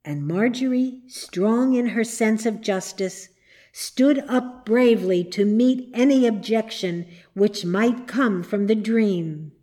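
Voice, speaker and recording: A woman narrating a storybook in a gentle, measured way. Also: a little high. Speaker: audiobook reader.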